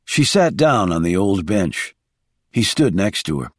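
A man narrating an audiobook thriller as scripted, expressive storytelling. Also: low-pitched, measured pace, no echo, clean studio sound.

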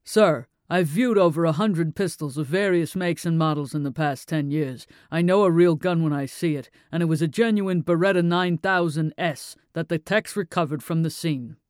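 A man voicing a male police officer giving calm, matter-of-fact testimony in court. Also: a little high, dry recording, clean studio sound, lightly acted. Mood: firm. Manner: measured, matter-of-fact answers.

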